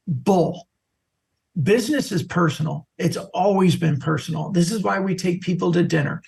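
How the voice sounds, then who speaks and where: A middle-aged man, a social selling expert, telling lively stories as a podcast guest. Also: sits high, moderate pace, vocal fry. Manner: animated anecdotal storyteller. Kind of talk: podcast interview storytelling.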